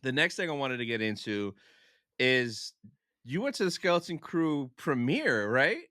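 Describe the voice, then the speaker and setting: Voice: mid-range voice, very animated, fairly bright tone, dry recording. Podcast host, dry close sound. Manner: eager, quick follow-up questions. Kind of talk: casual podcast interview.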